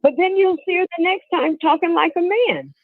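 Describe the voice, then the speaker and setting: A woman's voice: very high voice, fairly quick, no echo. A woman calling in to give her opinion, earnest and outspoken, asking the host directly. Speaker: caller. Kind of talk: call-in opinion. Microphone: phone. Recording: tinny phone line.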